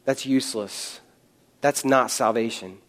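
A man's voice: medium pitch, unhurried, a bit bright. A young man preaching a sermon, conversational, with joking asides. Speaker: pastor.

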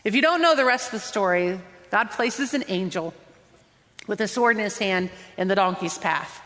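A woman's voice: mid-range voice, moderate pace, fairly bright tone. A woman preacher delivering a conversational, earnest sermon, drawing out words for emphasis. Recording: long hall reverb.

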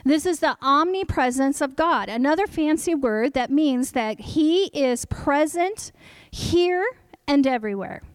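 A woman preaches a sermon in a high, bright-sitting voice. She tells a personal testimony with animated storytelling, acting out her own past words. The sound is dry and close, with no room around it. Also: unhurried, no echo.

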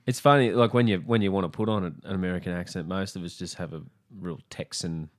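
Deep-voiced, wry Australian comedian. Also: male voice, fairly even intonation, quick pace. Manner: dry, wry storytelling with casual swearing. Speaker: podcast guest, comedian. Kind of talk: casual chat.

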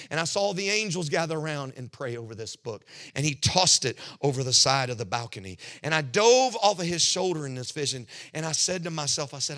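A young man preaching a sermon in a church, telling a vision with impassioned swings between loud cries and hushed tones. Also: on the high side, very animated, fairly quick, few pauses.

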